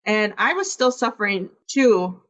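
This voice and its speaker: A woman's voice: mid-range voice, big pitch swings, a little slow, a bit bright, rough recording. A woman from Iowa, a podcast guest, candidly telling a personal story and acting out quoted dialogue.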